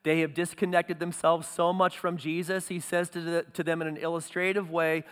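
A man's voice: fairly high pitch, steady tone, moderate pace, hardly any pauses, a bit bright, smooth, long reverb tail. A man preaching a sermon as pastor, earnest and building to emphatic peaks.

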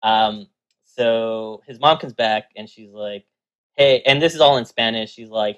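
A man, co-owner of a game store, telling a story in casual chat, animated and full of fillers, acting out what people said. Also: fairly low pitch, measured pace, clear, resonant tone, highs cut off. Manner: animated storyteller, acts out quotes, many fillers.

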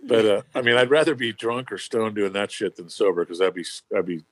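A man's voice: fairly low pitch, a little fast, fairly bright tone, no echo. A man telling a story in casual chat, rambling and swearing freely with lots of fillers.

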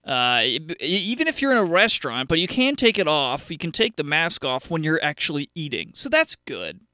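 A man's voice: fairly high pitch, sing-song, fairly quick, pushed and bright, no room sound, studio quality. A man hosting a casual solo radio show, rambling and sarcastic, with lots of fillers and restarts.

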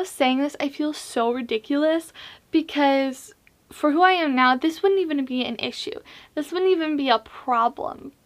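High-voiced young woman vlogging earnest advice. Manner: earnest and self-mocking, animated emphasis. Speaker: vlog host. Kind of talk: casual faith-based advice talk.

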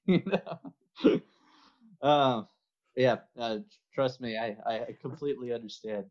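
A man's voice: medium pitch, slow pace, long pauses, a little mellow. Man's chatty voice on a lo-fi line. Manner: laughs often while telling stories. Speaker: podcast guest. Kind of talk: casual interview chat.

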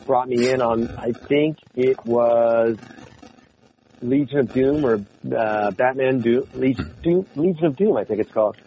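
Animated male voice actor, slightly lo-fi. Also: medium pitch, a little slow, slight background noise. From United States. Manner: animated storyteller, jumps into character voices. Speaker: voice actor guest. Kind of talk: casual interview chat.

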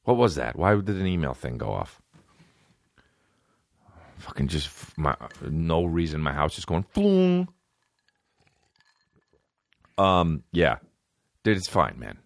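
A man's voice: a bass voice, a little slow, creaky, pauses often, dry recording. A man hosting a podcast, ranting in a profane, rambling, comedic monologue. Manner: profane, rambling, animated rants. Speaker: podcast host.

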